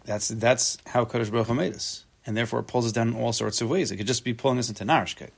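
A man teaching a relaxed Torah class, translating the text phrase by phrase, with joking asides and repeated words as he thinks aloud. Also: mid-range voice, quick pace, gravelly, husky. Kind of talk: casual spoken Torah class.

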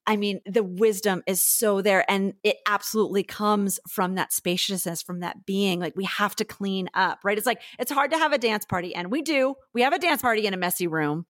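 A woman's voice: mid-range voice, a little fast, few pauses, dry recording, clean studio sound. A woman guest on a podcast, talking in an effusive, heartfelt way about spiritual healing and repeating phrases for emphasis. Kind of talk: casual spiritual conversation.

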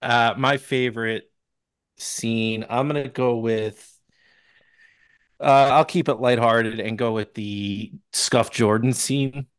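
A man co-hosting a podcast, relaxed, talking about favorite film scenes and acting out the quoted lines. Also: medium pitch, takes it slowly, clear, resonant tone, no room sound. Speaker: podcast co-host. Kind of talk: casual movie review chat.

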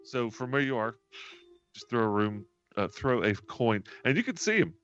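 A man running a tabletop game as game master, narrating in a relaxed, chatty way. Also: medium pitch, normal speed, smooth. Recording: dull lo-fi stream audio, faint music.

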